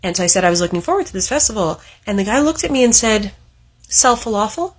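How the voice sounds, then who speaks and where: A woman's voice: medium pitch, animated, racing, slightly rough. A Canadian woman, a former financial advisor, telling a casual anecdote in a matter-of-fact way.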